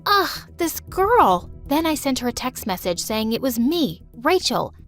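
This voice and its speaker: A young woman with a high, bright-pitched voice narrates a dramatic animated story in the first person. Her delivery is emotive and lively, with faint music playing behind her. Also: moderate pace.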